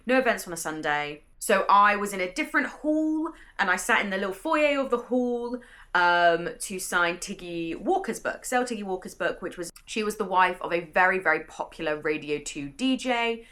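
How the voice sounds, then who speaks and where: A woman's voice: mid-range voice, lively intonation, moderate pace, pushed and bright. A young British woman vlogging casually about her work week as a bookseller, chatty and enthusiastic, her sentences running on. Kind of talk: casual vlog narration. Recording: staticky audio.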